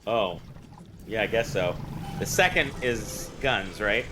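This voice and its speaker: A man's voice: fairly low pitch, lively intonation, takes it slowly, a crowd in the background. A man co-hosting a game livestream, chatting in a rambling, jokey way and swearing freely. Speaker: game streamer co-host. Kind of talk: casual gaming livestream chat.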